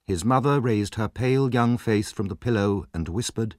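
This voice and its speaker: A man narrating a classic story in a measured, expressive reading voice. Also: fairly low pitch, no room sound, clean studio sound.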